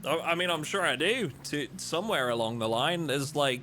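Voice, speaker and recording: Bright-voiced English streamer, mild Lincolnshire accent. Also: male voice, fairly high pitch, animated, normal speed, a little hiss or hum. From England. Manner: chatty, joking with chat, many fillers. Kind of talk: casual live-stream chat.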